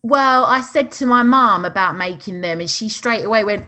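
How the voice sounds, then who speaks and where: A woman's voice: medium pitch, brisk, few pauses, sharp tone. A woman co-hosting a podcast in casual chat, chatty with frequent laughs and fillers. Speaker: podcast co-host.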